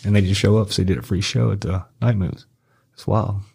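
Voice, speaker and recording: A man's voice: steady tone, a little fast, creaky, dark tone, slightly rough. A middle-aged man from Arkansas, a podcast guest telling rambling, profane stories in casual chat and acting out other people's lines. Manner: swearing, rambling anecdotes, acts out others' lines in a high voice. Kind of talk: casual storytelling.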